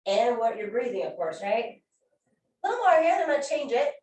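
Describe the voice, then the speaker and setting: A woman's voice: fairly high pitch, sing-song, brisk, a little mellow. A woman fitness instructor leading a core workout class with upbeat, encouraging, chatty cues. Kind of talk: guided workout class cueing. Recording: echoey room from far off mic.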